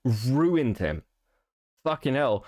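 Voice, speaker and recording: A man's voice: medium pitch, very animated, very slow, darkish tone, no room sound, clean studio sound. A young British man hosting a stream, talking bluntly and rambling with plenty of swearing. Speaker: streamer host. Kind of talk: casual stream commentary.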